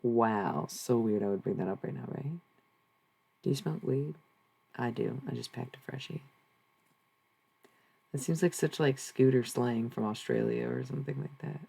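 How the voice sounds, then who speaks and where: A streamer talking to chat in a loose, rambling way, with swearing thrown in. The voice sits at a middle pitch with a gravelly, fried edge. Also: big pitch swings, normal speed, warm tone, poor audio. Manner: rambling, profane, talks back to chat. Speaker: live streamer. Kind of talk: casual live-stream chat.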